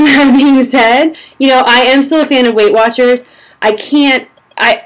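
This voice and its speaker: A young woman with a medium-pitched voice chats casually to camera in a vlog, answering reader questions as a blogger. She's a little short of breath and rambles with fillers and restarts.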